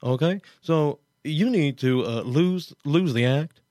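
A man's voice: fairly high pitch, expressive, takes it slowly, a little mellow, no echo, studio quality. A man hosting a radio talk show, commenting casually in a digressive, self-interrupting, incredulous way. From Kansas, USA. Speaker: host.

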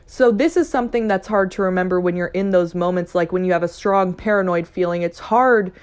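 A young adult woman hosting her own podcast, talking casually and playfully, cussing and acting out excited voices. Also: fairly low pitch, fairly quick, smooth. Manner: chatty, profane, playful, mimics excited voices. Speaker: podcast host. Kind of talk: casual solo podcast talk.

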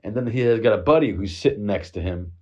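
A husky, low-voiced middle-aged man from the United States tells a rambling story, swearing freely and leaning on fillers. The recording sounds dull and lo-fi. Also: lively intonation, fast talker, mellow. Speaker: vlogger. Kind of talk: casual storytelling monologue.

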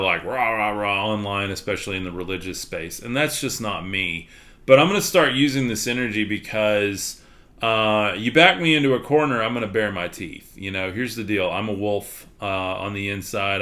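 A Texan man on the low side of the pitch range hosts a casual podcast livestream in a sharp tone. He speaks frankly and drifts around, with frequent fillers.

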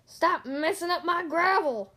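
A woman voicing a grumpy, booming male bulldozer in a storybook. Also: fast talker. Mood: angry. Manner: booming, angry.

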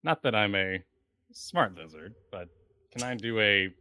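A man playing a character in a tabletop game, relaxed and thinking aloud. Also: lowish voice, measured pace, clean tone, no room sound. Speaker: player. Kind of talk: tabletop role-play.

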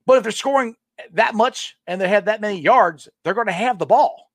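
A man's voice: high-pitched, brisk, no room sound, studio quality. A man hosting a casual sports talk livestream, talking passionately with lots of restarts and reading viewer comments. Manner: passionate, animated, many restarts.

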